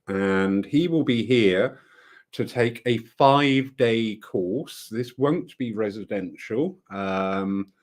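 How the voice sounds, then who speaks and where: Guy chatting slowly to his viewers, lowish voice, rambly and chuffed about stuff. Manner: warm, rambling, enthusiastic with frequent laughs. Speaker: spiritualist centre organiser. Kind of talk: casual live update to viewers.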